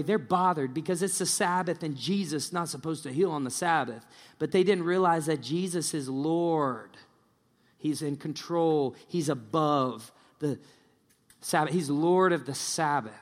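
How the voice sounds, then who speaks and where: A pastor preaching a sermon, telling a story in a lively way and acting out the people in it. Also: male voice, fairly high pitch. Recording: long church-hall reverb.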